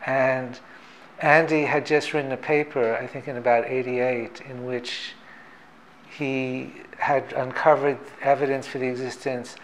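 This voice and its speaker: Measured, professorial male physicist. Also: medium pitch, level tone, slight background noise, low-quality recording. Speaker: theoretical physicist. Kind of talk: reflective explanatory talk.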